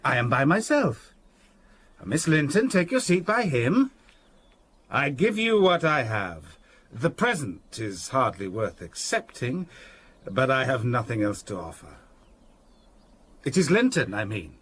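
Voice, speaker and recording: An actor playing a brooding, vengeful master in a radio drama, sardonic and commanding, breaking into angry shouts. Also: male voice, mid-range voice, sing-song, a little slow, long pauses, breathy edge, heavily acted.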